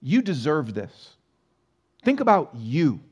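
A man's voice: fairly high pitch, huge pitch swings, slow pace, slightly rough, lo-fi sound. A man preaching a sermon as pastor in a church, talking conversationally and asking the congregation rhetorical questions. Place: church sanctuary.

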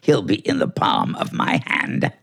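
A man's voice: deep voice, huge pitch swings, unhurried, creaky, fairly bright tone, exaggerated voice. An actor playing a clever, bossy talking male house cat in a 1940s radio play, smug and theatrical. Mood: scheming.

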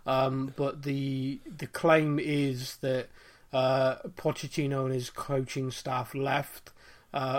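A man co-hosting a casual football chat, rambling with lots of fillers and restarts and frequent laughter. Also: mid-range voice.

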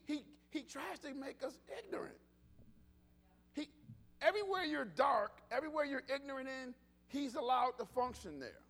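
A pastor delivering a casual, animated sermon, often repeating himself and restarting phrases. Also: male voice, extremely high pitch. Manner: animated, conversational preaching with repetitions and restarts.

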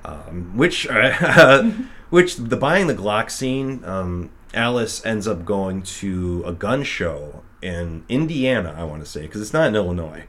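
A man's voice: on the low side, sing-song, slow, fairly bright tone. A man casually retelling a film's plot with many fillers, often acting out the characters' lines. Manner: rambling, full of fillers, acts out quotes. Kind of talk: casual film recap chat.

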